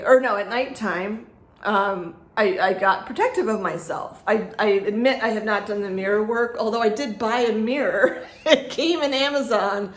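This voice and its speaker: Chatty woman vlogging in an echoey room. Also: mid-range voice. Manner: rambling, chatty, laughs often, many fillers. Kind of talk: casual personal vlog.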